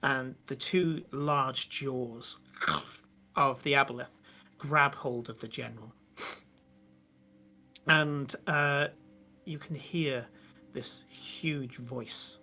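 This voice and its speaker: A man narrating a tabletop game as game master, vivid but halting with many fillers. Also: medium pitch, steady tone, pushed and bright, faint music behind.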